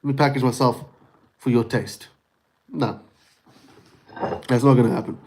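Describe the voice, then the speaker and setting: A man's voice: mid-range voice, steady tone, moderate pace, a little mellow. A man talking straight to his livestream in a casual, rambling rant, swearing freely and calling the listener "dude" and "bro". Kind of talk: casual ranting monologue.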